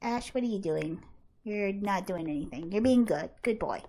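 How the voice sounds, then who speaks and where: A woman's voice: medium pitch, lively intonation, normal speed, mellow. A woman giving casual gameplay commentary as host of her channel, chatty and laughing often as she talks to her game characters.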